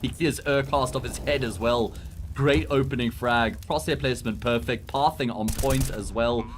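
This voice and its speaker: A man with a South African accent doing live esports commentary, breaking down plays in a measured, analytical way. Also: mid-range voice, a little hiss or hum.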